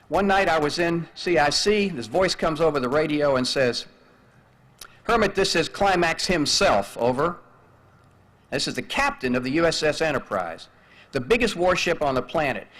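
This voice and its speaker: An older man stands at a graduation and tells a personal story, his voice sitting a little high for a man. He tells it in an animated way and acts out the radio calls he heard, like a seasoned speaker holding an outdoor crowd. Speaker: commencement speaker. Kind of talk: storytelling speech.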